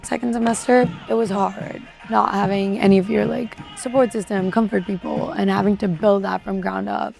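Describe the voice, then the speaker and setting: A woman's voice: medium pitch, fairly even intonation, normal speed, gravelly, few pauses, a little mellow, faint music behind. A young woman from India in her twenties, speaking candidly and reflectively as an international student in an interview. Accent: American-leaning with Indian undertones. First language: Indian English speaker. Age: 20s. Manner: candid, reflective, casual fillers. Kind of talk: interview testimony.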